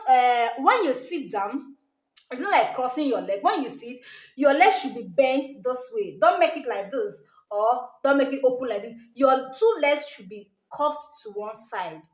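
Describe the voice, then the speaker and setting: A woman with a Nigerian accent gives emphatic advice to camera in casual talk, repeating her warnings and ending sentences with "oh" and "okay?". Her voice is high-pitched and fairly bright, and the sound is reverberant.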